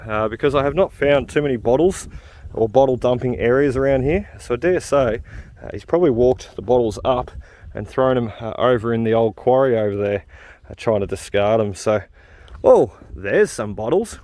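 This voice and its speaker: A man's voice: medium pitch, lively intonation, fairly quick, a little mellow. A man chatting casually as he walks outdoors on a hill, rambling with lots of fillers as he hunts for relics. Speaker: vlogger relic hunting. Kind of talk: casual walk-and-talk commentary.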